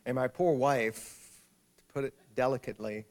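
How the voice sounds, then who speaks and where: A man's voice: mid-range voice, steady tone, normal speed, a little mellow. A middle-aged man, an author, gives a humorous public talk and tells a wry, self-deprecating story. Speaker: author speaking at an event.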